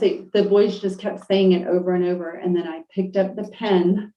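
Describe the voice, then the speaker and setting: A middle-aged woman telling a deeply emotional personal story on a podcast, halting, with many fillers and restarts. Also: warm tone. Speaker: podcast guest. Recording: roomy, distant, dull lo-fi audio.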